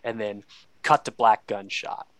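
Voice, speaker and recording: A man's voice: fairly low pitch, unhurried, a bit bright, no room sound. A man in casual chat, animatedly retelling a movie plot with laughs and acted-out lines.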